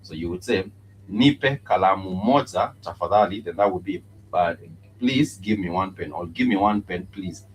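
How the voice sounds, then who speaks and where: A man teaching a live-streamed language lesson, pausing often with "uh" and repeating each word slowly for learners. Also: low voice, poor audio. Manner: halting, many "uh" fillers, repeats words slowly for learners. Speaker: Swahili teacher. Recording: faint background noise.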